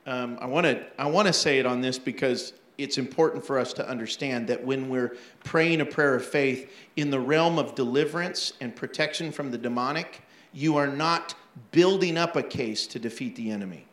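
A man's voice: mid-range voice, moderate pace, fairly bright tone, roomy sound. A man preaching a sermon as pastor, telling stories animatedly with laughs and acted-out asides.

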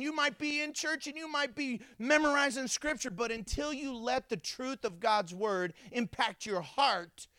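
A pastor preaching a sermon to his congregation, animated, acting out the voices of people in the story. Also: sits high, no echo, clean studio sound.

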